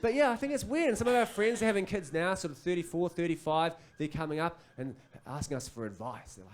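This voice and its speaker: Kiwi stand-up comic, thirties, animated storyteller, slightly high voice, live club mic. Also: male voice, fast talker, hardly any pauses, slight background noise. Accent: New Zealand. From New Zealand. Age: 30s. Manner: animated, acts out kids and parents. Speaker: stand-up comedian. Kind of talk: stand-up comedy set. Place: comedy club stage.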